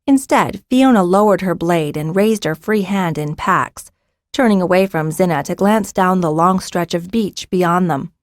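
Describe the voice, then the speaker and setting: A woman narrates a fantasy audiobook in a steady, even storytelling voice. The sound is dry and close, with no room around it. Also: lowish voice, measured pace, no room sound.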